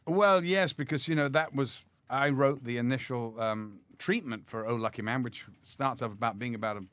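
An older man telling stories from his career in a lively, laughing way, now and then jumping up into other people's voices. His pitch sits mid-range, and the sound is dry and close. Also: moderate pace, no room sound. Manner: lively storyteller, mimics others with big pitch jumps, laughs often. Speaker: actor guest. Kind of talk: anecdotal interview talk.

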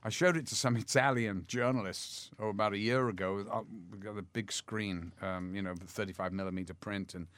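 An older man being interviewed, telling lively anecdotes and mimicking others as he goes. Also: fairly quick, few pauses, dry recording. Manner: lively storyteller, mimics others with big pitch jumps, laughs often. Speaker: actor guest.

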